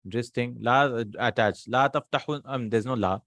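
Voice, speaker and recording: A man's voice: medium pitch, moderate pace, a bit bright, dry recording, clean studio sound. Patient male Arabic grammar teacher. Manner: patient, drills words aloud, asks and answers himself. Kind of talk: explaining grammar exercises.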